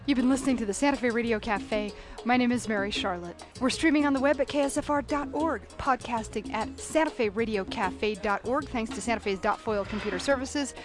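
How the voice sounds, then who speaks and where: A woman's voice: fairly high pitch, fairly quick, music in the background. A woman radio host interviewing a guest and wrapping up her show with announcements.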